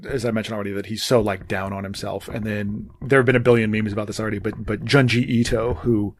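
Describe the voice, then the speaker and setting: A man co-hosting a podcast, talking in a relaxed, hesitant way with many fillers that trail off quietly. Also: lowish voice, fast, no room sound, clean studio sound. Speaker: podcast co-host. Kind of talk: casual chat.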